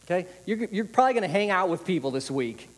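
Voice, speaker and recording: A man preaches a casual, conversational sermon, leaning on repeated phrases to drive points home. His voice sits a little high for a man. It rings out with the long reverb of a church hall. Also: animated, quick pace. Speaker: pastor.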